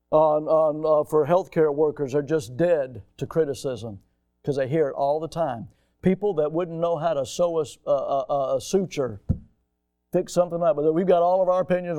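Middle-aged male preacher, higher voice, dry close sound, sermon delivery that swings from hushed to shouting. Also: moderate pace, no echo. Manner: conversational preaching, swings from hushed asides to loud shouted outbursts. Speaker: pastor.

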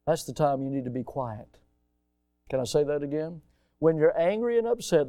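Man preaching, quiet asides and loud bursts. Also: fairly high pitch, no room sound, clean studio sound. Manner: conversational preaching, swings from hushed asides to loud shouted outbursts. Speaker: pastor. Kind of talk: sermon.

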